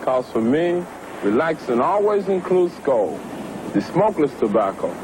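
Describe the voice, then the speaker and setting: A man speaking as a relaxed pitchman in a vintage TV commercial. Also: normal speed. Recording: old commercial with surf and wind noise.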